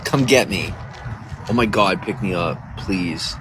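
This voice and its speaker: A man's voice: deep voice, unhurried, background noise. A man casually chatting to viewers on a livestream outdoors, rambling and reading out chat messages. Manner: rambling, talks to viewers, reads chat aloud. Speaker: livestream host. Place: outdoors near a coffee shop.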